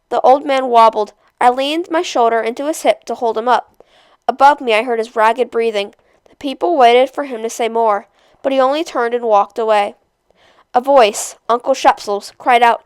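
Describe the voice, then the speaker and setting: A woman reading a novel aloud chapter by chapter, in a steady, measured storytelling voice. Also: on the high side, clear, resonant tone, no echo. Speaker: storybook reader.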